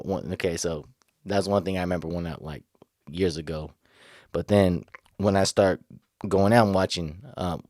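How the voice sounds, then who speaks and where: Low-voiced man rambling casually. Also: a little mellow, no room sound, studio quality. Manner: rambling, laughs often, slangy; raises pitch when quoting others. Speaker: vlogger. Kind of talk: casual storytelling chat.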